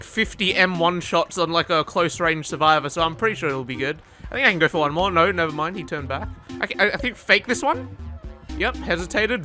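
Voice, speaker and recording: A man giving excitable gameplay commentary, swearing often, laughing and shouting at the game. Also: high-pitched. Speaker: gaming video creator.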